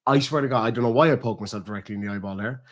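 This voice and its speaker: A young man chats casually with his partner on stream, swearing freely and rambling through stories with acted-out quotes. His voice is lowish and he talks very fast.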